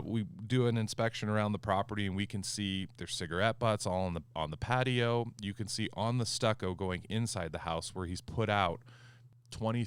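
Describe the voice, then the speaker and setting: A man hosting a podcast, a property manager telling a story in a casual, animated way and acting out the quoted back-and-forth. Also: low voice, smooth, no echo. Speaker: HOA manager and podcast host.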